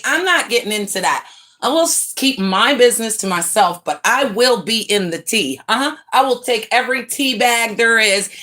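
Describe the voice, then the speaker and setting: A woman hosting a livestream, chatting casually and gossiping to viewers in a slangy, profane way, with laughing asides. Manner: animated, swings pitch up for greetings and quotes. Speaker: livestream host.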